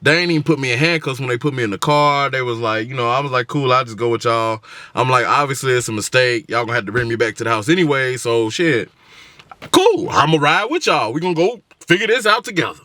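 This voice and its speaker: A man telling an animated, slangy story from his car, acting out every voice he quotes. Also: medium pitch, fast, no echo. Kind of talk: casual storytime. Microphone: camera in the car.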